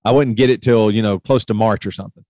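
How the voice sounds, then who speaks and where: A man's voice: fairly low pitch, fast talker, no room sound. A middle-aged man in casual chat, telling a long story and getting heated as he retells it. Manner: animated retelling, voice rising sharply when heated.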